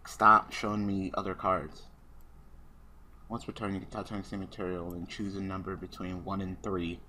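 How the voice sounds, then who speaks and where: A man's voice: sits low, little pitch movement, moderate pace, pushed and bright, a little hiss or hum. A man hosting a gaming channel, giving casual commentary on an online card duel, swearing constantly and swinging between muttering and ranting.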